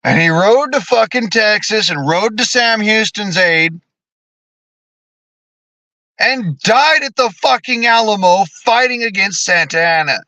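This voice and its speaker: A man's voice: sits high, animated, unhurried, sharp tone, no room sound. A man in his thirties ranting angrily about politics, profane, heated and sarcastic. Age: 30s. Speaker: streamer. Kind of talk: angry political rant.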